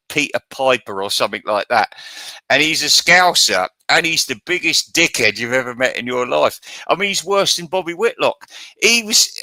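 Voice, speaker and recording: A man's voice: a little high, bright, forceful tone, no room sound. A man hosting his channel, ranting in a crude, profane, rambling and mocking monologue. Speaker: channel host.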